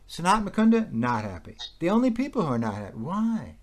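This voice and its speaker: A man's voice: high voice, sing-song, fairly quick. Agitated man firing rhetorical questions. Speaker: conversation partner. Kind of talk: heated casual conversation.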